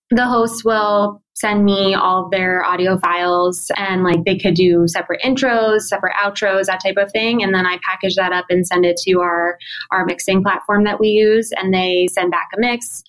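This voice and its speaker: Interview guest, woman, mid pitch, chatty and casual, peppered with fillers. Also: a bit bright, rough recording. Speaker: podcast program manager, guest.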